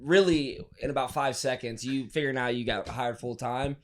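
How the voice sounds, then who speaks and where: A man's voice: medium pitch, fairly quick. A man co-hosting a podcast, talking in an earnest, rambling and affectionate way. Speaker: podcast co-host. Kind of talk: casual podcast chat.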